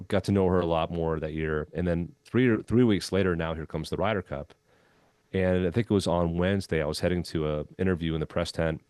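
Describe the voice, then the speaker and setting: A man who used to be a golf club head pro tells a long anecdote in an interview, relaxed and full of "um" and "you know.". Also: deep voice, clear, resonant tone, no echo. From Minnesota. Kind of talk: storytelling in a conversational interview.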